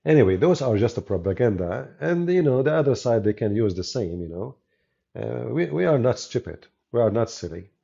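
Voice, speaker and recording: A debater and channel host from the Arab world, a native Arabic speaker with an Arabic accent, gives mocking, sarcastic live-stream commentary. His voice is mid-range, gravelly and mellow, sing-song and fairly quick, recorded in dull lo-fi audio.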